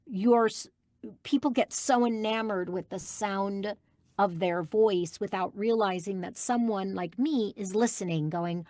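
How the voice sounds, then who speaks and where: A woman's voice: mid-range voice, measured pace, dry recording, studio quality. A woman guest voice actress giving an emphatic interview answer, insisting on her point and repeating key phrases.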